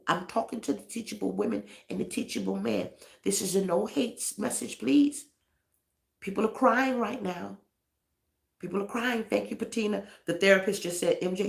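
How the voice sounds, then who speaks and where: A woman's voice: lowish voice, creaky, reverberant. A woman pastor preaching a live-streamed sermon, repeating phrases and pleading directly with her listeners.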